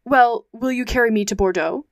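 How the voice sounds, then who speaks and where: A woman reading the part of a composed English gentleman traveller in an audiobook, asking calm, even questions. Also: a little high, normal speed, no room sound, studio quality, natural voice.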